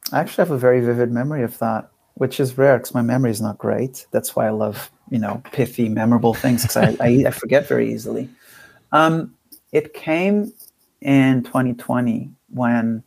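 Gravelly-voiced man reflecting candidly. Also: medium pitch, a little mellow, no room sound. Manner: thoughtful, candid, speaks in halting phrases with frequent restarts. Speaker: podcast guest. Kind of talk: reflective conversational interview.

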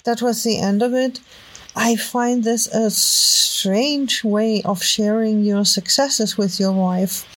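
A woman with a strong German accent talks through her findings in a casual podcast. Her voice sits a little high, and she stops, restarts and fills gaps with ums as she thinks aloud. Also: steady tone, low-quality recording. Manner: halting, thinks aloud with many fillers and restarts. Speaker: podcast host. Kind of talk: casual commentary while browsing web posts. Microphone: home microphone.

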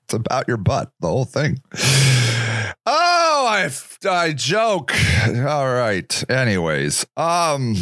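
A man's voice: medium pitch, huge pitch swings, takes it slowly, bright, forceful tone, no echo, studio quality. A man hosting a casual solo podcast, rambling sarcastically and mocking other people's voices. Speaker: podcast host.

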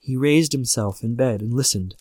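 A man narrating a classic horror story aloud with measured, steady storytelling. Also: medium pitch, no room sound, studio quality.

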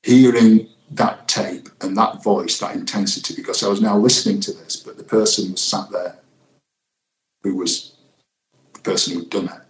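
A man in his sixties, a retired senior detective, recalling a case in a reflective, halting interview manner, acting out what people said. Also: lowish voice, steady tone. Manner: reflective, halting with fillers, reenacts quotes. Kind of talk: interview recollection. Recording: echoey room.

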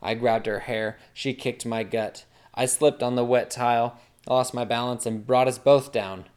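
A man's voice: medium pitch, steady tone, a little slow, darkish tone. A man narrating a comic fantasy story in a wry, dramatic storytelling manner.

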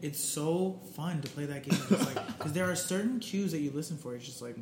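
A fairly high-voiced man co-hosting a loose podcast chat, recorded in a room with noticeable echo. He talks in an animated way, laughing often and acting out quotes with a raised voice. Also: fairly quick, background noise. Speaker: podcast co-host. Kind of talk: casual chat.

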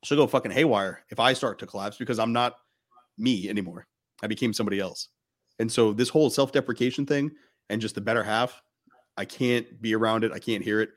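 A man's voice: lowish voice, fairly quick. A man hosting a podcast, talking bluntly and emphatically in casual conversation, with frequent swearing. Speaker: podcast host.

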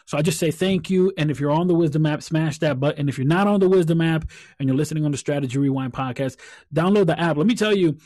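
A man's voice: on the high side, quick pace, darkish tone, dry recording, studio quality. A man hosting a solo podcast, talking earnestly and reflectively, often repeating phrases as he thinks aloud. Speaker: podcast host.

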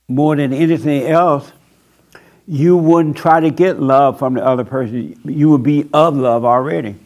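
Gravelly-voiced man preaching bluntly. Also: mid-range voice, a little mellow. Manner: blunt, mocking, emphatic preaching. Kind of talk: sermon.

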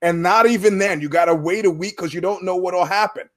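A man's voice: sits high, a little fast. A man hosting a podcast in casual commentary, emphatic and profane, repeating words for punch. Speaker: podcast host.

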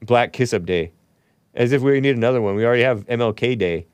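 A man's voice: medium pitch, fast, darkish tone, clear, resonant tone, no echo. Guy hosting a talk show solo, snarky asides, dry close mic sound. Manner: sarcastic, mocking asides, laughs at own remarks. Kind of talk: solo commentary, reading news aloud with asides.

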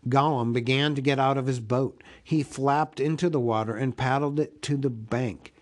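A man reading a storybook aloud as a podcast host, with an expressive, unhurried delivery. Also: medium pitch.

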